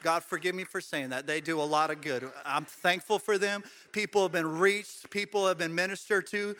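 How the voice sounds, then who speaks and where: A middle-aged pastor with a very high, bright, forceful voice preaches in a church sanctuary. He swings from loud, rallying calls to soft, conversational talk with playful, joking asides. His delivery feels lively and personal. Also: moderate pace. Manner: swings from loud shouted exhortation to quiet, intimate talk. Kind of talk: sermon.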